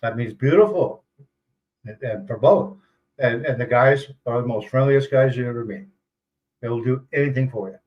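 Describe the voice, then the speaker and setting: A man's voice: mid-range voice, moderate pace, dull audio. An older man, a retiree, chatting casually and rambling on a livestream, chuckling often. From United States. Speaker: retiree vlogger.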